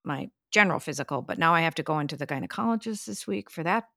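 Chatty older woman with a gravelly voice. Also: low-pitched, lively intonation, fast, bright, forceful tone, no room sound, clean studio sound. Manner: chatty storyteller, exclaims, laughs. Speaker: podcast co-host, mother. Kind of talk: casual family chat.

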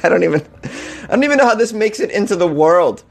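A man's voice: high voice, animated, fast, gravelly. A man hosting a comedy news segment, mocking the stories with incredulous remarks and frequent laughter.

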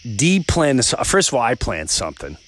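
A man hosting a podcast, telling stories in a casual, animated way while outdoors by the woods at night. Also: normal speed. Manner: animated storyteller, pitch jumps up when exasperated. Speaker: podcast host. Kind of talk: casual solo monologue.

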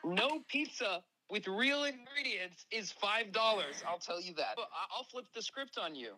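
A woman's voice: medium pitch, animated, normal speed, bright, forceful tone, low-quality recording. A woman chatting on a podcast, blunt and opinionated. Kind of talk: casual chat.

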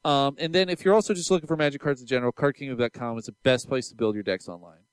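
A man's voice: medium pitch, rapid-fire, smooth, no room sound. A man co-hosting a podcast, chatting enthusiastically and rambling with plenty of fillers and restarts. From Seattle area. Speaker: podcast co-host. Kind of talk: casual podcast chat.

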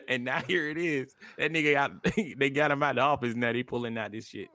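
A man co-hosting a podcast in casual chat, relaxed and conversational, with frequent profanity. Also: medium pitch, a little fast, hardly any pauses, no echo. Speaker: podcast co-host.

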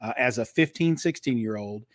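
A middle-aged man with a light Kentucky twang, talking in the smooth, controlled manner of a former radio broadcaster. He gives long, flowing answers in a dry, close recording. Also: medium pitch, normal speed, dry recording. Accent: slight Kentucky twang. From Eastern Kentucky. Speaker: guest, author and marketer. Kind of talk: casual interview.

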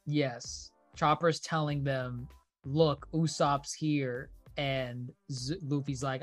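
A man co-hosting a podcast, chatting casually and enthusiastically, quoting characters in a low mumble. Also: fairly even intonation, slow pace, soft background music. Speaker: podcast co-host.

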